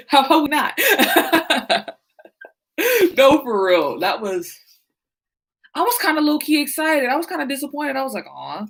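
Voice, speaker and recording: A woman's voice: high-pitched, sing-song, unhurried, long pauses, fairly bright tone, poor audio. A woman talking casually and animatedly about music, laughing often and swearing freely. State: sleepy, yawning. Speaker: podcast host. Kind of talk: casual chat.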